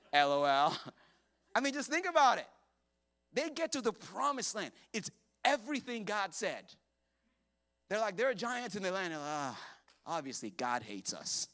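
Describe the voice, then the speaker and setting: Guy pastor giving a sermon at church, kinda high forceful voice, super animated, jokes around and does little voices. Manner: animated and jokey, acting out voices. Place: church service with congregation.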